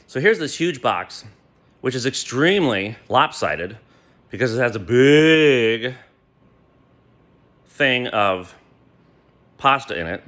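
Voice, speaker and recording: A man telling a personal story to a friend, animated and swearing freely. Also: medium pitch, unhurried, pauses often. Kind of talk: gleeful personal anecdote.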